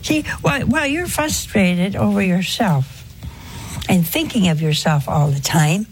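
Older woman, religious talk, slow delivery, conversational preaching, faint background noise. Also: mid-range voice, expressive. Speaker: religious speaker. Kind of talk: sermon-like talk to an audience.

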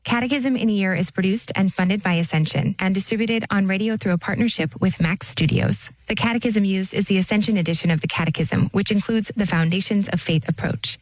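A woman announcer reading the program's credits and introduction in an even scripted delivery. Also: mid-range voice, dry recording, rough recording.

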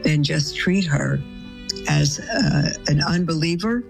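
A woman, a nun, reads listener letters aloud and answers them with gentle advice. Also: low voice, animated, slow pace, gravelly, soft background music, low-quality recording. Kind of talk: advice show reading letters.

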